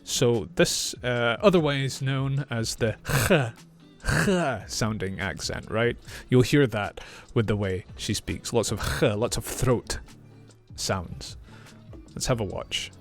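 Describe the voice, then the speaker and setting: Man, english teacher, clear slow explaining, mid pitch, faint music. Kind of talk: reaction video lesson.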